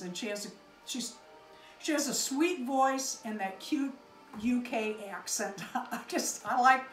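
Woman doll-channel host, slow and gushing, unboxing chat; echoey room, faint music bed. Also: fairly high pitch, a bit bright. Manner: gushing, exclaims over each gift.

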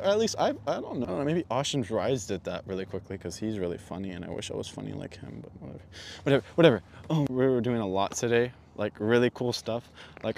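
A man's voice: medium pitch, creaky, a little mellow, a little hiss or hum. A man vlogging casually to camera about his day riding, chatty and self-mocking. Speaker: motorcycle vlogger.

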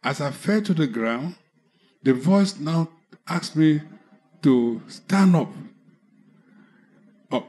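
A man preaching with a Nigerian English accent, telling a personal conversion testimony slowly, with halting restarts. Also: fairly high pitch, darkish tone. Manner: slow, halting storytelling with restarts. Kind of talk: testimony sermon.

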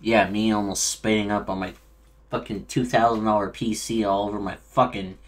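A man giving casual, profane commentary over a video game with a friend, loud and full of swearing reactions. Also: fairly low pitch, flat delivery, moderate pace. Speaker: gaming commentator.

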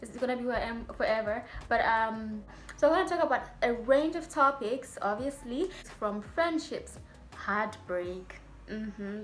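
A young adult woman, a medical student vlogger, talking to her viewers in a chatty, rambling way with playful asides. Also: fairly high pitch. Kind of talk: casual vlog talk to viewers.

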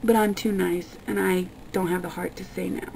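A young woman vlogging, ranting in an exasperated, profane way with a gravelly voice. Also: fairly low pitch, fairly even intonation, normal speed, darkish tone, a little hiss or hum, rough recording. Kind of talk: casual ranting vlog.

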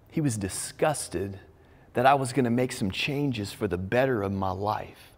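A man's voice: medium pitch, a little mellow. A man preaching a sermon as a pastor, talking conversationally and telling personal stories with frequent restarts. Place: church stage with large crowd. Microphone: stage microphone. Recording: long hall reverb.

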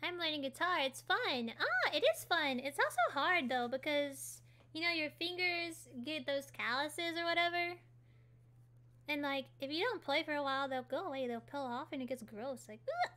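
High, bright-voiced woman streamer chatting. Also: animated, normal speed. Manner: chatty and giggly, reacting to chat while building. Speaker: livestream host. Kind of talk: casual gaming livestream chat.

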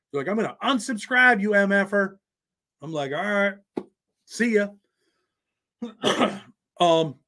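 A man's voice: high voice, fairly bright tone. An American man hosting a livestream, chatting loosely with viewers in slang and answering their comments. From United States. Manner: loose, slangy, talks straight to chat. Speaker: livestream host. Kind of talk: casual livestream chat reading viewer comments.

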